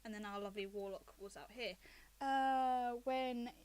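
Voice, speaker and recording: A woman running a tabletop game as game master, recapping the story in a relaxed, chatty way. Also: a little high, measured pace, a little hiss or hum.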